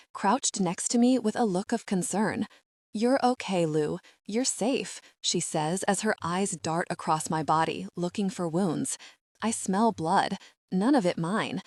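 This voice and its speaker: A woman with a low, somewhat mellow voice narrates an audiobook in scripted first person. The studio-quality recording has no echo.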